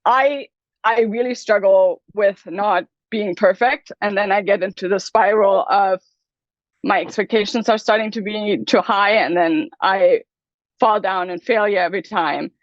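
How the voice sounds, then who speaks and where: A woman on a group video call, speaking emotionally and haltingly as she reflects openly. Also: mid-range voice, no echo. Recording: dry, dull video call audio.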